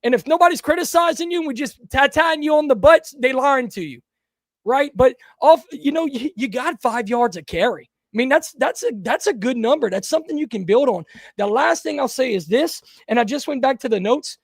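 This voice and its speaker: High-voiced emphatic man. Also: lively intonation, brisk, dry recording, clean studio sound. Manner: emphatic, repeats himself when fired up. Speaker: podcast co-host. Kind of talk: casual sports talk.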